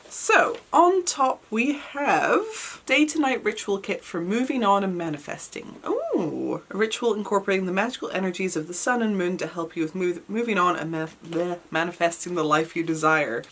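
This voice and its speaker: A British woman chats through an unboxing, her voice bouncing from low murmurs up to high squeals. She gushes over every little item with oohs and delighted exclamations. A recent cold has left her voice a little worn. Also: normal speed. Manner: excitable and gushing, frequent oohs and squeals. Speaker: vlogger. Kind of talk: unboxing vlog chat.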